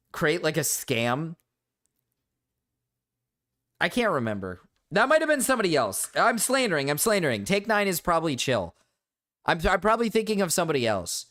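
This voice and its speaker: His voice a little high and a bit bright, a man chats on a livestream in a loose, rambling, blunt manner packed with fillers and swearing.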